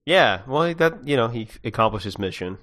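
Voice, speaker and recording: A man's voice: medium pitch, animated, moderate pace, fairly bright tone. A man co-hosting a podcast, chatting casually about a video game with dry, wry jokes and short replies. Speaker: podcast co-host.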